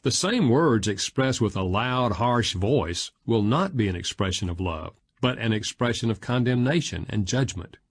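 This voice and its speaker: A man narrating an audiobook in a measured, expressive reading style. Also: lowish voice, slightly rough.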